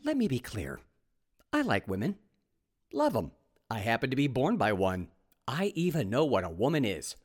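Sarcastic ranting man with a lively voice. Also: medium pitch, normal speed, long pauses, breathy edge. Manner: reads articles aloud with running commentary. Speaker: podcast host. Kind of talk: opinionated solo monologue.

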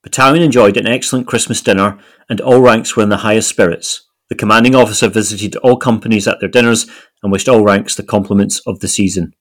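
A man's voice: fairly low pitch, fairly even intonation, fast talker. A man co-hosting a history podcast, precise and dry, reading military diary entries steadily. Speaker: podcast co-host.

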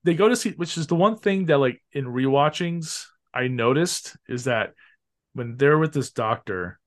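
A man hosting a podcast, chatting casually and excitedly about a film, swearing freely and often restarting his sentences. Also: mid-range voice, normal speed. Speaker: podcast host.

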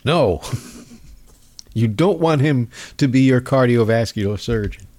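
A man's voice: mid-range voice, lively intonation, measured pace, darkish tone. A man hosting a podcast, delivering a sarcastic, mocking comedic political monologue. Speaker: podcast host.

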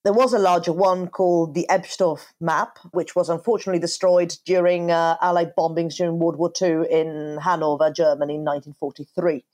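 A woman's voice: fairly low pitch, steady tone, brisk, hardly any pauses, a little mellow. A woman co-hosting a podcast, explaining things with a playful, dry sense of humor. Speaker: podcast co-host. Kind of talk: casual podcast chat.

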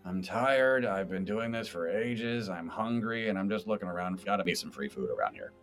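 A man's voice: sits low, animated, moderate pace, soft background music. A man voicing a tired, hungry male journalist who sounds weary and droning.

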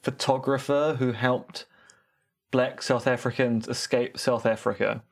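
A man's voice: mid-range voice, steady tone, measured pace, vocal fry. A man with a New Zealand accent, co-hosting a podcast with dry, sarcastic humor. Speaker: podcast co-host. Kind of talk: casual comedic chat.

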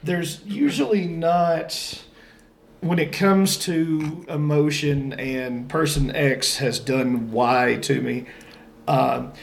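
A man's voice: a little high, fairly even intonation, slow, vocal fry. Quipping man with a lifted voice. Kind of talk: casual podcast banter.

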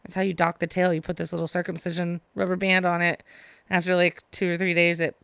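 Gravelly voice on a movie podcast. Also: medium pitch, level tone, fast talker, a bit bright, dry recording. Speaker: podcast co-host. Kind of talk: casual chat.

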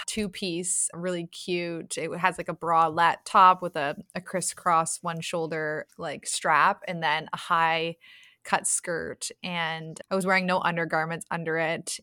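A woman with a slightly low but bright, forceful voice tells stories in a casual podcast chat. She is animated and laughs often. The sound is close and dry. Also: measured pace, no echo. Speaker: podcast guest, sex coach.

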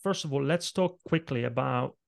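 A man's voice: mid-range voice, normal speed, creaky. A middle-aged man, a presentation coach being interviewed, explaining techniques and showing vocal emphasis as he talks.

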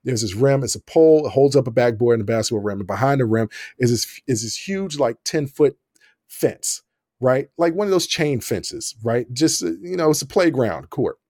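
A man's voice: mid-range voice, normal speed, no room sound. Laughing man telling a story, dry mic. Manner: animated, laughing often, acts out quotes. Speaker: podcast host. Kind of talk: casual storytelling monologue.

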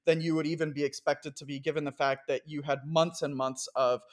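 A man hosting a casual news podcast. His voice sits a little higher than most, and he talks in a wry, chatty way as he reads out quotes and explains them. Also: level tone, fairly quick. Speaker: podcast host.

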